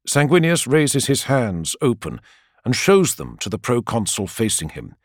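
Male narrator for a scripted epic; expressive and lively in pitch, mid-pitched, dry close studio sound. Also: measured pace, no room sound. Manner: dramatic, expressive reading with lively swings.

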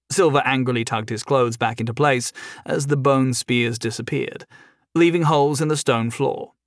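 A man narrating an audiobook in an even, measured reading. His voice sits at a middle pitch. The sound is dry and close. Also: no echo.

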